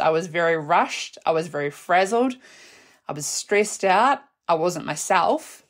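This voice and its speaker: A young adult woman, hosting her own podcast and telling a personal story in a chatty, animated way, laughing and swearing casually. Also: fairly low pitch. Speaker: podcast host.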